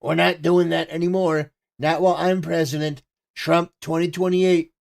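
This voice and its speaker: A brash older politician, as a man puts him on, boasting in short, emphatic, repeated phrases. The voice sits fairly high with a gravelly fry underneath. He punches each line as if claiming a win. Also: little pitch movement, moderate pace. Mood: boastful. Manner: repetitive, emphatic, self-praising.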